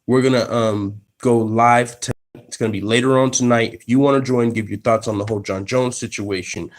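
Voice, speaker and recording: A man talks through a live MMA reaction stream from his workplace in a casual, profane, slang-heavy way. He gets excited and restarts his sentences often, in a voice of middling pitch. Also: brisk. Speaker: MMA channel host.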